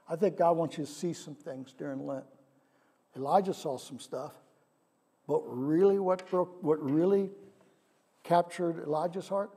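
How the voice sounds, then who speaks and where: A man's voice: fairly high pitch, mellow. A male pastor delivering a sermon in a conversational way, often putting questions to his congregation. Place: church sanctuary. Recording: long reverb of a large hall.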